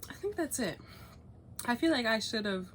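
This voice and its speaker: A young woman vlogging in casual chat, animated, swearing freely and laughing often as she rambles. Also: fairly high pitch, normal speed, slight background noise. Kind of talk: casual chat, cookie review and gossip.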